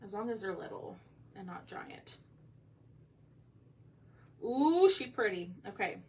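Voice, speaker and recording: A woman's voice: mid-range voice, sing-song, slow pace, darkish tone, far from the mic. A woman hosting a craft livestream, chatting casually with her viewers while she paints. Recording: voice a bit off-mic with faint room noise.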